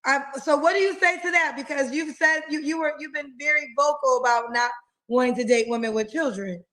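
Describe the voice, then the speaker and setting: A woman's voice: high voice, fairly quick, fairly bright tone, rough recording. A woman who hosts a dating show and presses a guest with probing questions. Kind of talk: live show interview.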